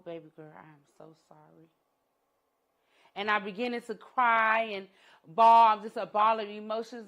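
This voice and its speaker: A middle-aged woman giving a talk, telling her personal story as an entrepreneur and educator, with dramatic pauses and hushed moments. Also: fairly high pitch. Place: conference room.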